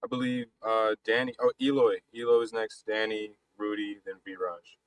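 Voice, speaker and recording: A man hosting a casual live basketball chat, talking fast and loosely with frequent restarts. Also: fairly low pitch, flat delivery, no room sound, poor audio. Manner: rapid, loose talk with many restarts. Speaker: podcast host.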